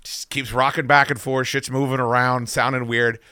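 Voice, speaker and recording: A man hosting a podcast, telling a story casually and with lots of swearing, acting out his own shouts. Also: mid-range voice, normal speed, clean tone, no echo, clean studio sound. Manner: profane, animated, acts out his own shouting. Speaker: podcast host.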